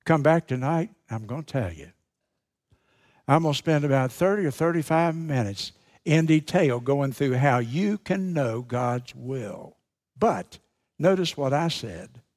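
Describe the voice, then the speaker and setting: Male pastor, unhurried sermon delivery, mid-pitched, leans on repetition and pauses. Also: animated, a little mellow. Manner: emphatic preaching with dramatic pauses, repeats key phrases.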